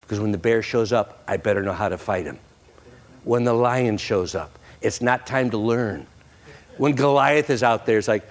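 A male pastor preaching a sermon to a congregation, jokey and animated, slipping into playful voices for quoted lines. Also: on the low side, moderate pace. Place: church sanctuary with congregation.

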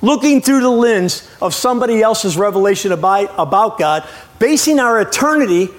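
Man, middle-aged, high voice, sermon, joking asides, apologetic. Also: lively intonation, moderate pace. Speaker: guest preacher.

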